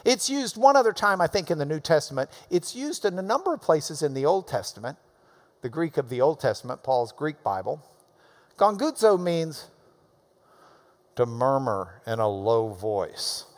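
A man preaching a sermon in a church. He talks emphatically, swinging between loud urging and quiet asides. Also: fairly high pitch, big pitch swings, moderate pace. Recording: long reverb of a large hall.

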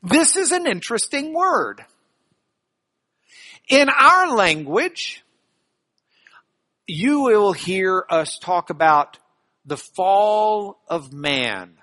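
A teacher giving a classroom lecture on Bible translation to an audience, explaining ideas with everyday examples in an animated way, speaking into a microphone. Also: medium pitch, drawn-out words, long pauses.

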